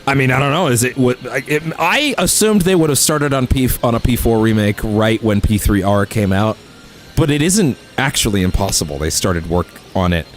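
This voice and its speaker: Rambling, animated male let's play host. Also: on the low side, slight background noise. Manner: rambling, with many fillers and self-corrections. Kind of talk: casual gaming commentary. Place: home recording setup. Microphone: studio microphone.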